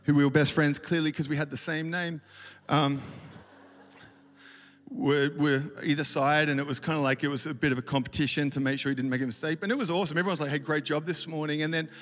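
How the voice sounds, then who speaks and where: A man's voice: fairly high pitch, fairly even intonation, fast, fairly bright tone. Rambling man talking in a big hall. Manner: rambling, self-deprecating, many fillers and restarts. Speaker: worship leader speaking at a conference. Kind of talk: casual conference talk with storytelling. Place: large auditorium stage. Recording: reverberant hall, faint ambience.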